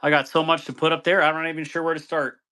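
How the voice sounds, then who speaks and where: A man's voice: a little high, little pitch movement, fast talker, pushed and bright, clear, resonant tone. A man hosting a casual live stream, greeting viewers by name, chatting loosely and laughing easily.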